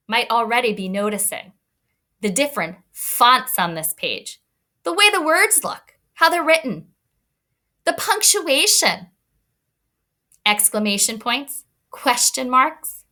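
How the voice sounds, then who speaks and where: A woman's voice: fairly high pitch, big pitch swings, unhurried, long pauses, sharp tone. A woman teacher giving a read-aloud lesson to young children, encouraging and thinking aloud as she explains.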